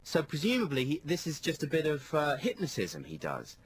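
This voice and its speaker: A man co-hosting a radio show, telling stories in a lively, animated way and acting out what people said. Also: on the high side, brisk. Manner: animated storyteller, acts out quotes. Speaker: radio co-host. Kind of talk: casual radio chat. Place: radio studio. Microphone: studio microphone.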